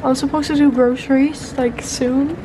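A woman's voice: high voice, steady tone, moderate pace, noisy background. A young woman talking casually to her camera as a vlogger, chatty and self-deprecating with frequent giggles. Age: young adult. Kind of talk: casual vlog chat.

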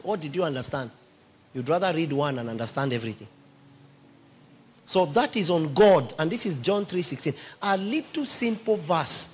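A man's voice: on the high side, a little hiss or hum. A man preaching a sermon, emphatically quizzing his congregation with questions.

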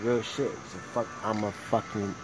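A young man ranting profanely in a casual vlog, swinging between low mumbling and loud shouting. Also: little pitch movement, unhurried, music in the background. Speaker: vlogger.

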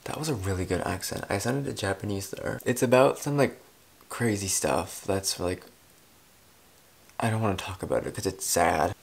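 A man's voice: low-pitched, moderate pace, creaky. A man vlogging in a rambling, self-deprecating casual chat, cursing freely as he goes. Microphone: clip-on or desk mic.

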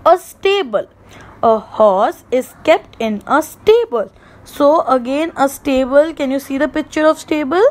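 A woman with an Indian English accent, teaching an online class to young children in a slow, sing-song way. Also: sits high, animated, poor audio. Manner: slow, sing-song, mimics animal sounds for kids.

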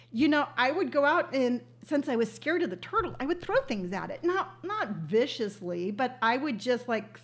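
An older woman hosting a casual livestream, telling stories in a chatty, emotional way. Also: a little high. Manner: chatty storytelling, emotional and tearful at moments. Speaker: livestream host. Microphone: webcam on a livestream.

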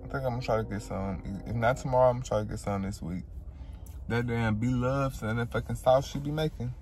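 A man's voice: medium pitch, quick pace, faint music behind. Sick young man chatting to camera at home. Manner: chatty, animated, swears freely, talks straight to viewers. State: sick with food poisoning, bitten sore tongue. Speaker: vlogger. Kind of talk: casual vlog talk to camera. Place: at home in his apartment, indoors. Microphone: camera on a tripod.

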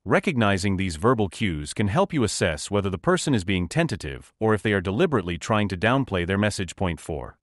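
A man with a lowish voice narrates a nonfiction audiobook, his pitch rising and falling with plenty of expression. He reads in a measured, instructive manner from a script. The sound is dry and close, with no room echo. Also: very animated.

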